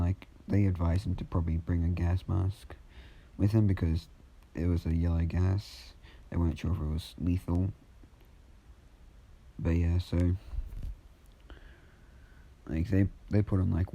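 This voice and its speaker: A man's voice: low-pitched, flat delivery, a little slow, long pauses, warm tone, lo-fi sound. A man casually telling an improvised fan story, rambling with many fillers.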